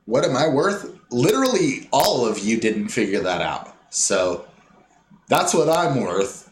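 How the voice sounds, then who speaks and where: A man delivering a rambling, scornful ranting monologue, mocking other people in quick put-on impressions. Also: mid-range voice, big pitch swings, a little hiss or hum. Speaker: commentator. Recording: echoey room with faint ambience.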